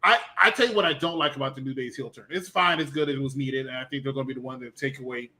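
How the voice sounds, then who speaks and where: A man's voice: mid-range voice, fast talker, bright, forceful tone. A man co-hosting a wrestling review podcast, ranting with animation about what bugs him. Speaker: podcast co-host. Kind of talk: casual wrestling review chat.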